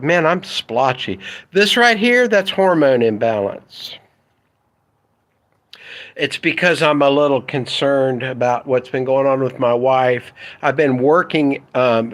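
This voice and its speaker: A man who runs an internet marketing business, talking casually to camera in an excitable, blunt, rambling way with mild swearing. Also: medium pitch, no echo, low-quality recording.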